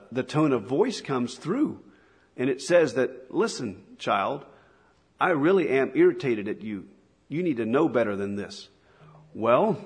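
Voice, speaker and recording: A middle-aged man preaching a sermon to fathers in an earnest, conversational way, often restarting his sentences. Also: medium pitch. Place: church hall. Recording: husky voice in a long-reverb hall.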